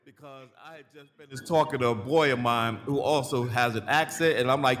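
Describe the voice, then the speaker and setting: A man's voice: medium pitch, a little fast, hardly any pauses, pushed and bright, long reverb tail. A man hosting a podcast interview, speaking casually and effusively with slangy praise for his guest. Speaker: podcast host.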